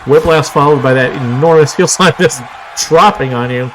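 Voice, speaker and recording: A man doing live play-by-play commentary on a wrestling show, excitable, with frequent exclamations and wry asides. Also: medium pitch, normal speed, poor audio. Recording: clear crowd noise and background noise.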